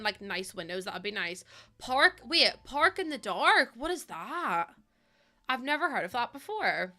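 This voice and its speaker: A chatty woman streams a game, with a bright voice pitched a little high. She rambles and giggles, fills gaps with ums, and slips into baby talk for her dog. Soft music plays quietly behind her. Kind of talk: casual gameplay chat.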